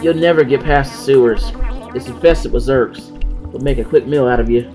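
A man's voice: mid-range voice, normal speed, warm tone, faint music behind, lightly acted. A man voicing a gloomy, grumpy male robot with a put-on accent in a video game, speaking grimly and dismissively. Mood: grim warning. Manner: grim, dismissive.

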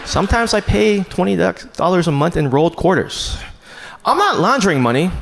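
A man doing a stand-up comedy set in a small club, deadpan and self-mocking, shouting out his punchlines now and then. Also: sits high, fairly quick, creaky. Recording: noisy comedy club ambience.

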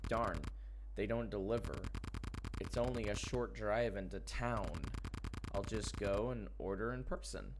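A young adult man giving excitable, chatty game commentary and reading dialogue aloud. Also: lowish voice, unhurried. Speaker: gamer. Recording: clear background noise.

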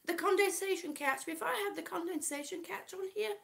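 A Kansas woman on oxygen reads her live chat as a vlogger, casually greeting viewers by name while short of breath. Her voice is very high and fairly bright, brisk, with vocal fry.

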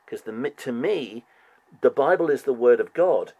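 A man hosting a heated religious debate, insistent and animated, repeatedly pressing for proof and mocking long-winded answers. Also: mid-range voice, normal speed, husky, no echo. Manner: mocking repetition. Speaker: show host debating a Jehovah's Witness by phone.

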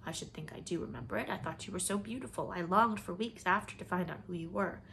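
A woman's voice: fairly low pitch, fast talker, creaky, a bit bright, a little hiss or hum. Troubled young woman, emotional, breaks into whispers as a woman reads her part. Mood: anguished. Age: young adult. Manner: emotional, at times dropping to a whisper.

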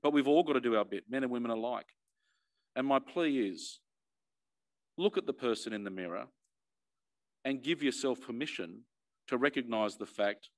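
Earnest middle-aged Australian man. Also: medium pitch. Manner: earnest, emphatic, repeats words as he restarts. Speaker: fire and emergency commissioner. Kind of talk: earnest personal address.

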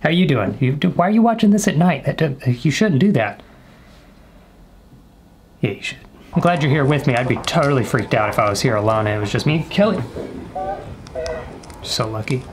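A man's voice: mid-range voice, lively intonation, fairly quick, pauses often, slight background noise. A young man casually commenting while playing a horror game, joking with the game and his viewers and sometimes dropping to a whisper. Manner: jokey, talks to the game and viewers, whispers when scared. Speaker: gaming YouTuber.

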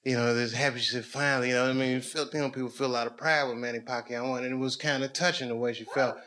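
Rapid-fire and rambling, a man tells loose stand-up stories on a comedy club stage, his voice shifting from low mutters to loud, excited bursts. Noise from the live club fills the recording.

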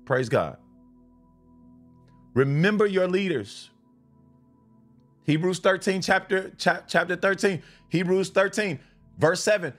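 Male live-stream preacher, high voice, repeats lines for emphasis, faint music bed. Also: takes it slowly, long pauses. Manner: fervent, repeats and restarts lines, switches to blunt asides. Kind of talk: live-stream sermon and Bible reading.

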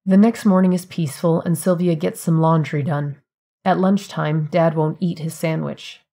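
Low-voiced woman narrating a story. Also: fairly even intonation, normal speed, warm tone. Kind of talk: scripted fiction narration.

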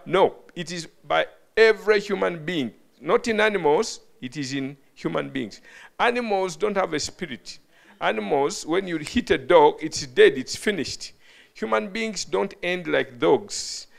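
This bishop's voice sits fairly high and carries vocal fry. Delivering a teaching sermon to a live hall audience, he keeps tossing questions to the crowd and trips over his words.

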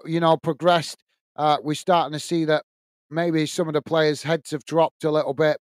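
A man's voice: on the high side, no echo. Chatty man hosting a watch-along. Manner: chatty, many fillers and restarts, calls viewers mate. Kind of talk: live match commentary and chat reading viewer comments.

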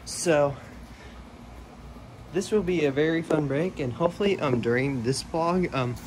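A man's voice: on the high side, unhurried, slight background noise. Young man rambling in a casual vlog. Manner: rambling, friendly, lots of fillers. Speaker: vlogger. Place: outdoors at his grandparents' house. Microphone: action camera worn on body.

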